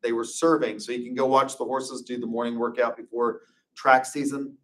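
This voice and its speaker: A man's voice: mid-range voice, little pitch movement, normal speed, recorded from a distance. A man giving an informal classroom lecture, chatty and anecdotal, drifting into loose personal stories. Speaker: instructor.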